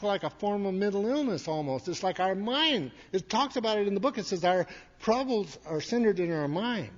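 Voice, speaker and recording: A man giving a folksy, rambling talk to a recovery meeting, repeating his words as he tells stories. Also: sits high. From Montana. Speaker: AA speaker. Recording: dull recording in a reverberant hall.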